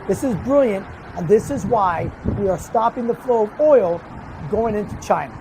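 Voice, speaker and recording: A woman's voice: medium pitch, animated, moderate pace, background noise. A woman commenting on video clips in an emphatic, opinionated way.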